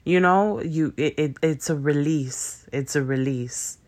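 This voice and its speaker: A man's voice: fairly high pitch, a little slow, darkish tone. A young man talking casually to viewers about emotions and spiritual growth, rambling with slang, fillers and swearing. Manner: loose, rambling, conversational with frequent fillers and profanity; speaks in slang with dropped verbs. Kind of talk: casual spiritual self-help talk to viewers.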